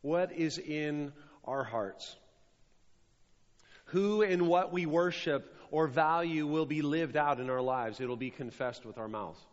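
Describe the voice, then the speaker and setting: A man's voice: fairly high pitch, takes it slowly. Preaching man in an echoing hall. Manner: preaching with rising emphasis and repeated phrases. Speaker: pastor. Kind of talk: sermon. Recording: dull sound with long hall reverb.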